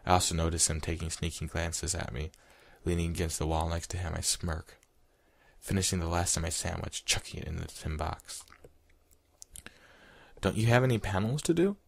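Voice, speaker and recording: A man's voice: sits low, monotone, fairly quick, gravelly, dry recording. A man casually reading fan fiction aloud, with chuckling asides.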